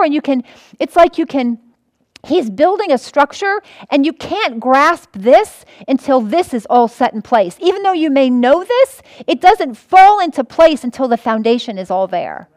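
A woman's voice: sits high, no echo. A woman pastor teaching a sermon in an earnest way, often restarting and repeating her points.

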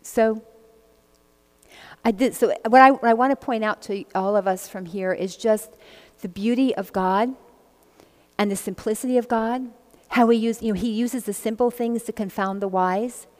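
A fairly high-voiced woman reads scripture and then chats about it, giggling easily between verses. Her voice carries a long reverb, as if heard in a big echoing room. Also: moderate pace. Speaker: Bible study teacher. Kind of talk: casual Bible teaching, reading scripture with commentary.

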